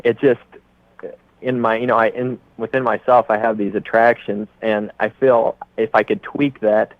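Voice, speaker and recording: A man in his twenties calling a radio show, speaking in a halting, hesitant, quiet way. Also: fairly low pitch, little pitch movement, dry recording. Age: 20s. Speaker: caller. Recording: tinny phone line.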